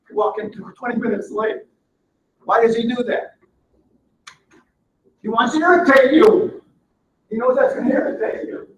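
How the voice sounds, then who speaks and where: A man's voice: extremely high pitch, normal speed, long pauses, a little hiss or hum. A man giving a seminar lecture on management, punchy and emphatic, often asking the room questions. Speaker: management trainer. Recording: roomy, distant, dull lo-fi sound.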